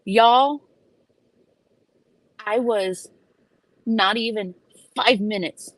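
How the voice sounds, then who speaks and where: A young woman telling a story in a casual vlog, animated and profane, with plenty of emphasis. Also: mid-range voice, slow, gravelly, pauses often, no room sound. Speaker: vlogger.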